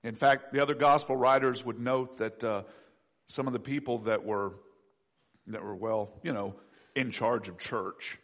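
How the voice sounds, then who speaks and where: A male pastor preaching a sermon to his congregation, swinging between soft low asides and loud rising pleas. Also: measured pace.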